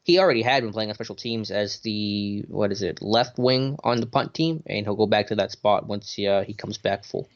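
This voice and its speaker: Relaxed man thinking aloud, lo-fi. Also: on the low side, normal speed, hardly any pauses. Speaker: podcast co-host. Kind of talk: casual sports talk. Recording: dull lo-fi audio.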